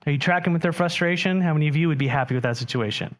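Animated preaching man, fairly high voice. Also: fast, few pauses. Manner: animated, asks the congregation questions. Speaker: pastor. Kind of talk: sermon.

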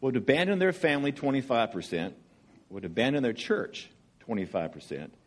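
A man's voice: mid-range voice, expressive, fairly quick. A man with a Southern accent from Georgia, preaching as a guest speaker in a chatty, joking, storytelling way. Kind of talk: sermon with jokes.

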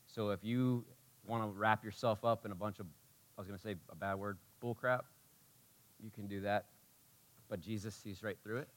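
A man preaching a sermon in a casual, conversational way, dropping to hushed tones and rising to near shouts with passion. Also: medium pitch. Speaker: pastor.

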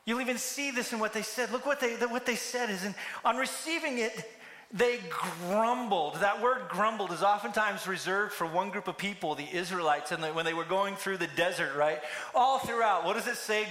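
An American pastor preaches a sermon, telling a story and acting out the characters' lines. His voice is high, pushed, and bright at a moderate pace, and the recording sits in an echoey hall with long reverb.

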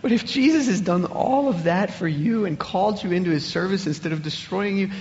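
A man's voice: high-pitched, fairly quick. Preacher guy getting worked up, repeats himself a lot, muffled recording w/ big hall reverb. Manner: animated, repeats words when excited. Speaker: pastor. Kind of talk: sermon.

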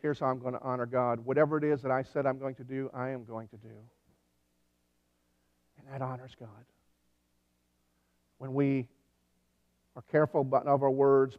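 A pastor preaching a sermon in a conversational way, with dry humor and animated storytelling. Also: male voice, mid-range voice. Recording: dull recording with long hall reverb.

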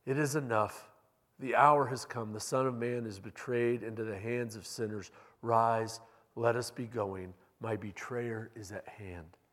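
A man's voice: medium pitch, fairly even intonation, measured pace, fairly bright tone, lightly acted. A man voicing Jesus as a sorrowful, resolute grown teacher while reading scripture aloud earnestly. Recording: long reverb in a large hall.

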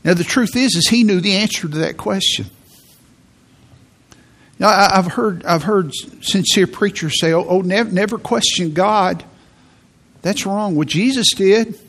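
A man's voice: high voice, a little slow, a bit bright. A man preaching a sermon in an earnest way, often repeating words as he goes. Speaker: pastor.

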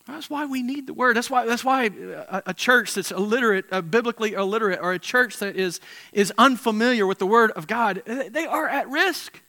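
A man preaching a sermon with passion, swinging from loud emphatic peaks to quiet, intense moments and often repeating words as he restarts phrases. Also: very high-pitched, fairly quick, gravelly. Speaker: pastor.

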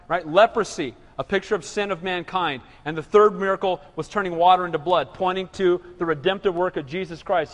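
A man preaching a sermon in an animated call-and-response manner. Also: high voice. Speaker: pastor. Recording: reverberant hall.

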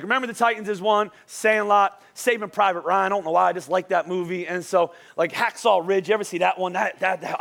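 Young guy preaching, kinda high voice, super casual, keeps asking "right?" and tripping over words. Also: vocal fry. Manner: conversational, energetic, asks the crowd "right?"; restarts and repeats words often. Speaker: pastor. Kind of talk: sermon. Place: church auditorium.

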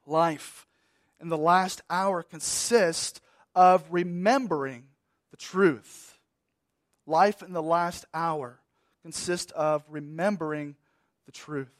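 A high-voiced man preaching a sermon at a slow, deliberate pace, leaning on repeated words for weight. He moves between raised, emphatic bursts and quiet, trailing phrases. The sound is close and dry, with no room echo. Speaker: pastor.

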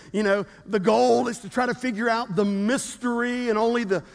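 High-voiced preacher in a big hall. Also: male voice. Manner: preaching with rising emphatic repetitions and call-and-response. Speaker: pastor. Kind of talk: sermon. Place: church sanctuary. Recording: reverberant hall.

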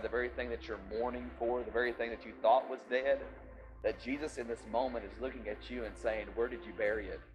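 A man preaching a sermon who moves from quiet, hushed passages to loud, emphatic outbursts and keeps asking his listeners if they follow him. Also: mid-range voice, rough recording. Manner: swings from hushed to loud and emphatic, asks the crowd questions. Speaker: pastor.

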